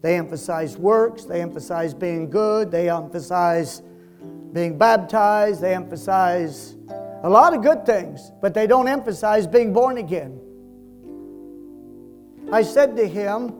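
Slow, high-voiced preaching man. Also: faint music behind. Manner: slow, emphatic preaching that swells and drops in loudness. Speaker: pastor. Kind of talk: sermon.

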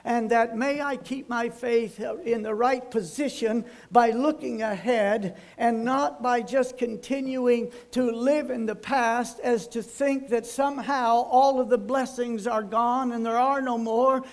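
Older male pastor, folksy storyteller, emphatic, high-pitched. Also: fairly even intonation, measured pace, few pauses. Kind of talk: sermon.

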